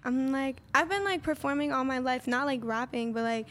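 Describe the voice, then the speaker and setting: A woman's voice: high voice, fairly quick. A young woman answering as a guest in a casual podcast interview, laid-back and slangy, swearing freely. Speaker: guest, rapper.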